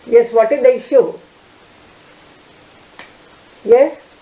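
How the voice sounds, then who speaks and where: A woman teaching an online law class, talking haltingly with many fillers and restarts. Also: fairly high pitch, mellow, echoey room, highs cut off.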